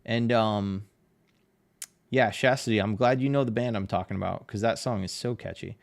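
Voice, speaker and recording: A man's voice: on the low side, normal speed, vocal fry, no room sound. A man chatting and joking with viewers on a live art stream, teasing them and laughing often. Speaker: livestreaming artist and tattoo artist. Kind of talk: casual livestream chat with viewers.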